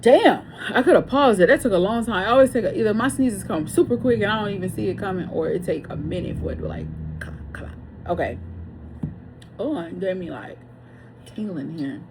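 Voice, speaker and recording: A woman's voice: medium pitch, expressive, brisk, background noise. A woman giving a casual tarot reading, chatty and blunt, swearing freely and wandering off on tangents. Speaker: tarot reader.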